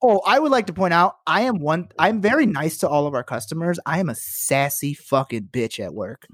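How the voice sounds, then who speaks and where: A man co-hosting a podcast, telling a work story in a casual, animated and profane way and acting out the people he quotes. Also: a little high, brisk, no room sound, clean studio sound. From works in Los Angeles. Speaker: podcast co-host.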